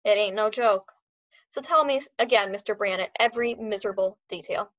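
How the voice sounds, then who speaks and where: A man's voice: sits high, brisk, a bit bright, highs cut off. A woman voicing a sarcastic, snarling corporate executive on a storybook reading.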